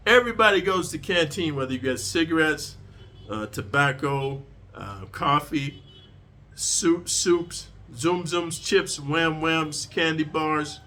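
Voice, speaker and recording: A man's voice: on the high side, slow, sharp tone. A man telling a prison story in a casual, profane, streetwise way, lecturing his listeners.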